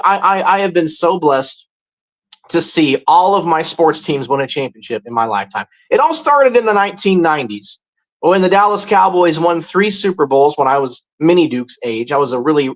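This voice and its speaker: A man in his forties hosts a casual livestream, greeting viewers and chatting about sports while often breaking into loud, high bursts. The recording quality is low.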